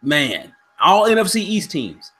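A man's voice: high voice, huge pitch swings, a little slow, a bit bright, husky, soft background music. A middle-aged man hosting a podcast in casual chat, playful, steering the talk and reading out listener comments. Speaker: podcast host.

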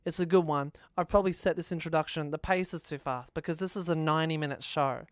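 A man's voice: on the high side, steady tone, fast, no echo, clean studio sound. A man hosting a podcast, introducing the episode in a playful, jokey way with rambling asides. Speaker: podcast host.

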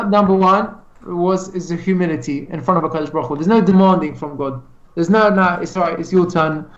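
A man teaching an informal Torah class over a video call, fast and animated, acting out little dialogues as he explains. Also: high voice. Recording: echoey, distant, dull video call audio.

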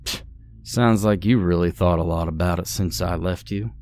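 A man's voice: deep voice, normal speed, darkish tone, close to an everyday voice. A man voicing an annoyed man who talks sarcastically. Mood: sarcastic.

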